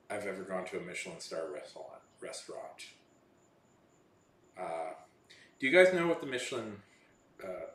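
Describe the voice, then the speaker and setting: Man, low voice, rambling casual chat, lots of false starts, echoey room. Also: a bit bright. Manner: meandering, many false starts and self-corrections. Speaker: vlogger.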